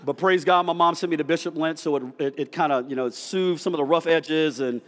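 A man's voice: a little high, fairly quick. A man, preaching a sermon in a church and acting out the dialogue of his story. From United States. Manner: storytelling, animated, acts out dialogue. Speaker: pastor. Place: church sanctuary. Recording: long hall reverb.

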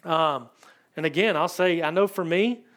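A man preaching a conversational sermon in church, searching for his words with frequent ums and pauses. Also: on the high side, a bit bright. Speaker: pastor.

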